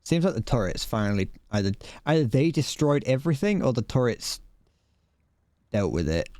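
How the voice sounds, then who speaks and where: A man's voice: medium pitch, sing-song, moderate pace, dark tone, no echo. A man streaming a video game live, rambling and restarting his sentences, swearing at the game and a little out of breath. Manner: rambling, stumbles over words, swears. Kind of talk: casual live game commentary.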